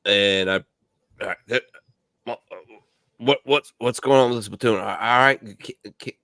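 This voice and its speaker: Man, veteran, casual profane storyteller, middle pitch, dry sound. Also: measured pace, no echo. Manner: profane, rambling, laughs loudly. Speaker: show regular, veteran. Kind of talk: casual bar banter, storytelling.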